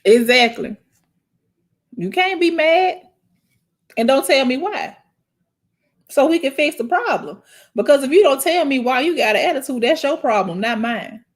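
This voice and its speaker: A young adult woman hosting a casual chat, speaking straight to her viewers in an animated, preachy way that turns tearful and halting when she gets emotional. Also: sits high. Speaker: host.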